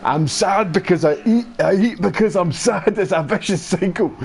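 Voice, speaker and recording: Scottish guy putting on a crude greedy fat scotsman, voice shoved up high, slow gruff drawl. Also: darkish tone, slight background noise. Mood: crude, gloomy. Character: gluttonous crude fat Scottish man, sad and loud.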